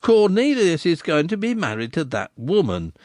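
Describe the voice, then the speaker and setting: A man voicing a gossipy village innkeeper who flatters and teases in a rustic dialect. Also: on the high side, moderate pace, no echo, studio quality, voice pushed up. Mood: flattering. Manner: smooth, teasing flattery.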